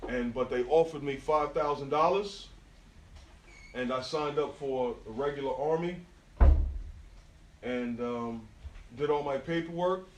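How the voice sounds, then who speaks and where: A middle-aged man with a New York accent giving a talk, telling lively stories in street slang and often checking in with the audience. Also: a little high. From New York, USA. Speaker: guest speaker. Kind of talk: storytelling artist talk. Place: indoor talk venue with audience. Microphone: phone recording from across the room. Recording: echoey room, phone mic far off.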